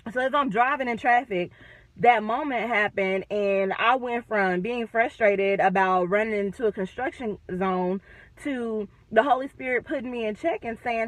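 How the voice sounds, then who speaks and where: A woman talking in a casual faith vlog from her car, animated and chatty with self-deprecating humor. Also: fairly high pitch, moderate pace, no room sound, poor audio. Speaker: vlogger.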